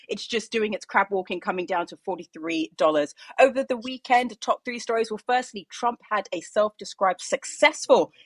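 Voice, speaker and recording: A woman's voice: medium pitch, no echo. A woman co-hosting a podcast, chatting in a playful, upbeat way and reading a market news roundup. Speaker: co-host.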